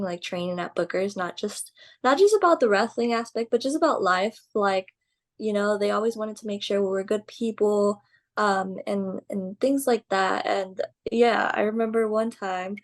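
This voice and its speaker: Chatty young woman telling a story. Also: medium pitch. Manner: animated, full of "like" and "um", laughs through stories. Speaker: guest, pro wrestler. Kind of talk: casual interview storytelling.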